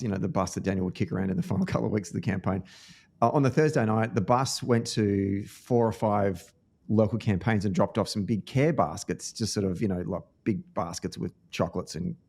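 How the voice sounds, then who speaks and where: Australian male podcast host, low-ish register, earnest anecdotal delivery with fillers and restarts. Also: gravelly, a little mellow, breathy edge. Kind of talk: casual podcast conversation.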